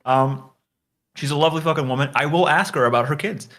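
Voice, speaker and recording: A man's voice: on the high side, fairly quick, fairly bright tone. A man chatting casually, rambling with lots of filler words and swearing freely. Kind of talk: casual chat.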